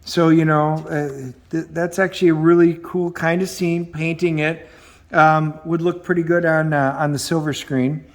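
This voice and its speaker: A middle-aged man talks through a comic book review in a loose, chatty way. His voice sits a little high, and he fills pauses with ums as he recounts scenes. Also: flat delivery. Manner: chatty, with frequent ums, acting out quoted dialogue. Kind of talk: casual review chat.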